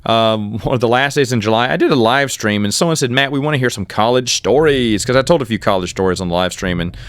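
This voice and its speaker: Animated middle-aged man telling stories. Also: fast, smooth, dry recording. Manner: animated, with sudden jumps in pitch when quoting himself; self-deprecating, rambling with restarts. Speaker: podcast host. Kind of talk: casual storytelling.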